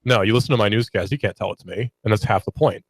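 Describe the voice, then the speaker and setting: A man's voice: lowish voice, fast, breathy edge, low-quality recording. A young man who reads the news on radio, co-hosting a podcast in casual, playful chat and laughing often. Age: young adult. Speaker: radio newscaster and co-host. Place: radio studio.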